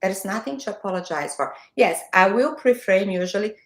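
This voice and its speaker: A woman with a Brazilian Portuguese accent speaks in a mid-pitched voice, giving direct, emphatic advice as a guest. Her voice carries the echo of a reverberant room heard through a video call. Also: expressive, a little fast. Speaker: guest, marketing mentor. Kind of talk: motivational interview talk. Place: home, morning video call.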